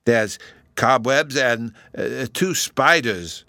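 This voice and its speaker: A man's voice: mid-range voice, lively intonation, sharp tone, dry recording, studio quality, heavily acted. A man doing a solemn lisping little boy. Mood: solemn, childlike. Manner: childish lisp, slow and grave. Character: small boy, solemn and childlike.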